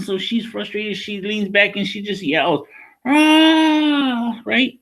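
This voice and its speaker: A school counselor, a man with a notably high-pitched voice, talks a class of children through a lesson. His delivery is conversational, and he keeps checking in with "right?" and "okay?" to make sure they are following.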